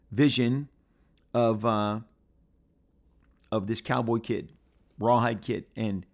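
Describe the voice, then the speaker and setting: A man reviewing comic books in a playful, rambling casual chat with frequent restarts. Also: mid-range voice.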